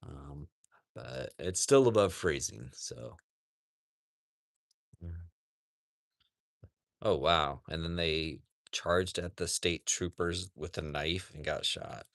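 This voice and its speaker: Slow, low-voiced man chatting on a livestream. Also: gravelly, dry recording, clean studio sound. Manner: rambling, says "like" often, talks softly to animals. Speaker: animal sanctuary livestream host. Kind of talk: casual livestream chat. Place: outdoors at a farm sanctuary among animals.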